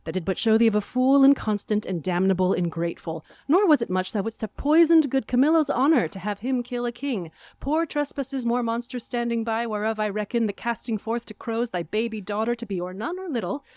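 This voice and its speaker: A woman's voice: on the high side, a little fast, a little mellow, no echo, voice pushed up, close to an everyday voice. An actress reciting a grieving, furious noblewoman. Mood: scornful. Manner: declaiming, rising and falling in force. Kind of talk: classical stage recitation.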